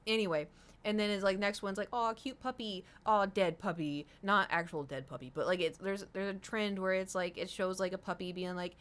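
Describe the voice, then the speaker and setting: A woman's voice: mid-range voice, fairly even intonation, fairly quick, fairly bright tone. A young woman streaming from home, chatting casually and rambling to her viewers, swearing now and then. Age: young adult.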